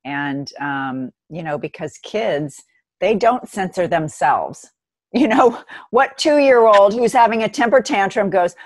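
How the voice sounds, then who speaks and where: A woman guest in a casual conversation, reflective and thoughtful, turning animated when she jokes. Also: mid-range voice, slow, dry recording.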